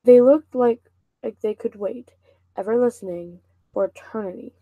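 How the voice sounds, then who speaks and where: A woman's voice: on the high side, normal speed, no room sound, narrow, tinny audio. A woman casually reading a novel aloud, stumbling and restarting over words now and then. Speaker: reader and channel host.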